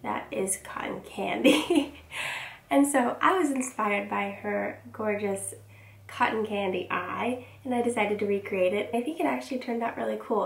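Young female beauty vlogger, hoarse from a cold, upbeat and chatty, mid pitch, a little off-mic in an echoey room. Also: recorded from a distance. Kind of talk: casual makeup vlog intro.

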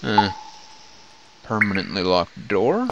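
Casting: male let's-play host, wry and playful, gravelly low voice, steady noise behind. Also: takes it slowly, dull audio. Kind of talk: casual game commentary.

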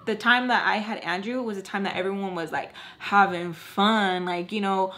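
A young woman chatting through a storytime while doing her makeup, animated and acting out the other people's lines. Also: mid-range voice, moderate pace. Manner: chatty, animated, acts out quoted voices. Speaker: beauty vlogger.

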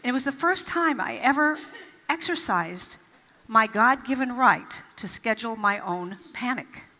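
Woman, motivational speaker, high bright voice, long hall echo. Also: animated. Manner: storytelling with acted-out quotes, emphatic pauses. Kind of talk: inspirational stage talk. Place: large event hall.

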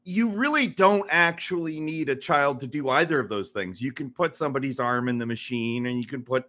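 A man's voice: mid-range voice, brisk. A man guesting on a casual podcast, rambling with many restarts and laughing easily. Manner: rambling, restarts often, laughs easily, animated when worked up.

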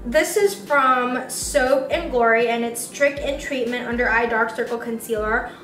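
Squeaky-voiced young woman gushing over makeup. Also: unhurried. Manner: gushing, excitable, chatty. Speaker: beauty vlogger. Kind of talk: casual unboxing vlog. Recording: roomy sound, mic at a distance, faint music.

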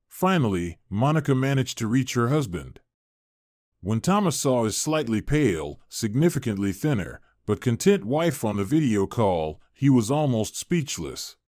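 Male storyteller, steady narration, mid-low voice, dry close voice-over. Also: moderate pace, no echo.

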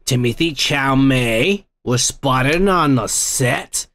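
Taking it slowly, a man hosting a comedy podcast rambles through a crude, drunken rant laced with constant swearing. He has a mid-range, fairly bright voice with lively intonation.

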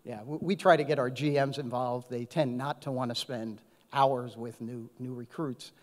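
Man, HR panelist, anecdotal, conversational, middle pitch, big hall reverb. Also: fairly even intonation, moderate pace. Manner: anecdotal, conversational with many "right?" tags. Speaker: panelist, HR executive. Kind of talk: panel discussion. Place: conference hall. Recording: echoey conference hall.

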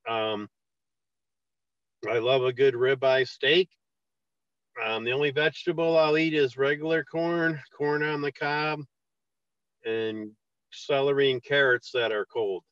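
A man's voice: medium pitch, a little slow, pauses often, clean tone, dry recording, lo-fi sound. A man guest in a casual podcast interview, telling stories loosely and with a lot of swearing. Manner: loose storytelling, profane, lively put-on voices.

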